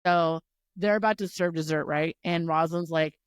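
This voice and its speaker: A woman's voice: deep voice, fairly even intonation, normal speed, smooth, no echo, studio quality. A woman co-hosting a podcast, chatting casually about a book and swearing freely as she chimes in. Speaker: podcast co-host.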